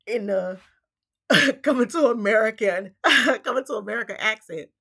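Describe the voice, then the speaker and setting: Fiery bright-voiced woman vlogger. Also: a little high, normal speed. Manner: fiery, emphatic, rhetorical questioning; casual slangy speech. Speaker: vlog host. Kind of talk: impassioned spiritual vlog monologue.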